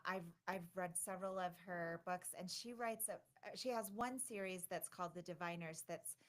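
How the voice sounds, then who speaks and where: A woman co-hosting a livestream, chatting excitedly with many fillers and restarts. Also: fairly low pitch, normal speed. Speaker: conference organizer and co-host. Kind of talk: casual livestream chat.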